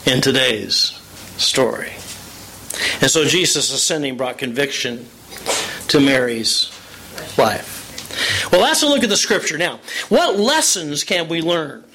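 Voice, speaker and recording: A man preaching a sermon, telling a scripture story with animated, expressive delivery and acted-out quotes. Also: fairly high pitch, a little hiss or hum, low-quality recording. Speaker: pastor.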